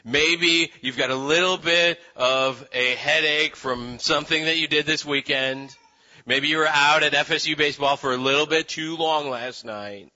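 Joking male preacher, very bright voice, kinda dull lo-fi recording. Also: a little high, moderate pace. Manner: animated, joking, acts out voices. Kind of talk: conversational sermon. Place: room with live audience.

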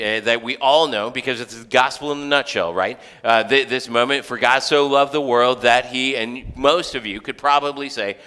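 Male pastor, sermon, casual with jokes, crisp voice, long hall reverb. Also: mid-range voice, sharp tone. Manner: conversational, joking asides, frequent restarts.

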